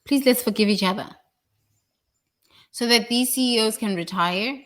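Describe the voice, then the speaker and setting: A woman's voice: on the high side, moderate pace. Blunt, swearing woman giving a motivational talk. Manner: blunt, preachy, swears freely. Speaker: leadership speaker.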